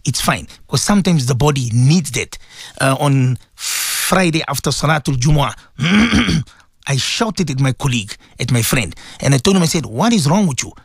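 A man hosting a live morning radio show, chatting in a warm, preachy way and often calling out to his listeners. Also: mid-range voice, lively intonation, moderate pace, gravelly, breathy edge, dry recording, clean studio sound. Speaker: radio host. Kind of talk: casual live radio talk.

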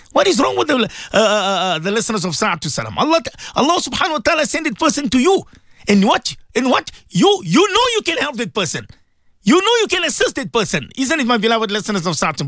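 A South African Muslim cleric hosts a radio show, preaching an impassioned sermon as he fervently pleads with listeners and repeats phrases for emphasis. His voice is high-pitched and a bit bright, captured in a dry, clean studio recording.

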